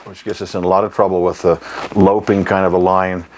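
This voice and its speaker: A man teaching saxophone articulation, explaining in an unhurried way, often clearing his throat and pausing with ums. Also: low-pitched, level tone, faint music behind. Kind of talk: instructional lesson.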